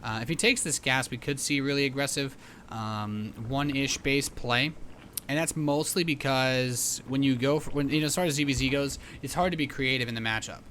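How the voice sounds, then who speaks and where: A man's voice: mid-range voice, moderate pace, fairly bright tone, a little hiss or hum. A man casting a live match as commentator, chatty and rambling with many fillers and restarts. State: hiccups. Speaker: esports caster.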